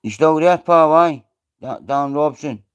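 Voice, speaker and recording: With a fairly high pitch, clean tone and measured pace, this Scottish-accented man hosts a casual live stream. He rambles, swears freely, and welcomes viewers by name.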